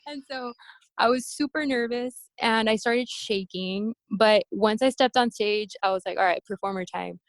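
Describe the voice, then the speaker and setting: A woman telling stories from her competition days in a casual interview, acting out quoted voices with animated high-pitched bursts. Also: measured pace, no echo. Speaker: interview guest, bikini competitor. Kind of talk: casual storytelling.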